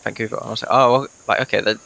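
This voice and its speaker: A man's voice: medium pitch, fairly even intonation, rapid-fire, vocal fry, bright, forceful tone, low-quality recording. A man from England playing a tabletop game over a voice call, casual and rambling, often laughing at himself. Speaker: player. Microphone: headset or desk mic on a voice call.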